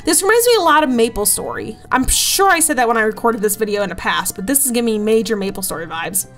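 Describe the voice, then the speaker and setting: A young woman hosting a let's play, chatting about what she sees on screen. She is giggly and easily delighted. Her voice sits high. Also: expressive, quick pace, a bit bright, faint music behind. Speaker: gaming video host.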